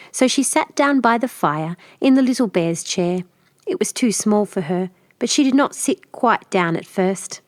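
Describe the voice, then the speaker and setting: A woman with an American accent calmly narrating a fairy tale as a storyteller. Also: medium pitch, dry recording, clean studio sound. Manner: gentle, even storytelling.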